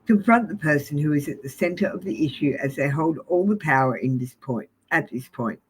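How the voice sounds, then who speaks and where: A woman's voice: low voice, animated, brisk, breathy edge, low-quality recording. A woman, giving live-stream tarot readings in an abrupt, sweary manner and often apologizing. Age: 40s. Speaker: tarot reader.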